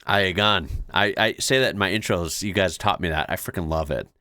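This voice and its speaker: A man's voice: low-pitched, fast, sharp tone, dry recording, studio quality. An American man hosting a reaction video, chatting in a laid-back way and laughing often. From United States. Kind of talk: casual reaction commentary.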